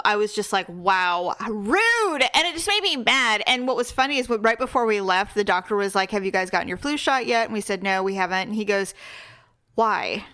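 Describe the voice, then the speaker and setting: Blunt, bright-voiced woman co-host. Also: mid-range voice. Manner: blunt, swears freely while telling stories. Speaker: podcast co-host. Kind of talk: casual chat.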